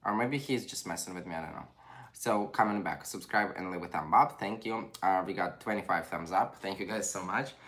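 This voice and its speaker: Low and brisk with a bit of brightness, the voice belongs to a young Ukrainian-accented man hosting a livestream. He's chatty, reads viewers' comments out loud and phrases things like a non-native speaker.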